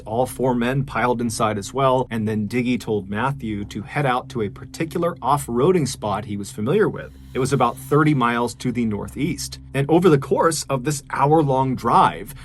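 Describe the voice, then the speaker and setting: A man's voice: medium pitch, slight background noise. A man hosting a podcast, telling a true crime story in a conversational, earnest way. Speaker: podcast host.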